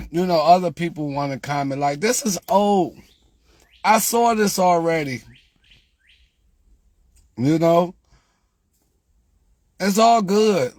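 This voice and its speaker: A man talking casually to viewers about lottery picks, repeating himself and growing exasperated, getting louder when he quotes their questions. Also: a little high, no room sound. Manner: repetitive, exasperated, rises when quoting viewers. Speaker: lottery tips creator.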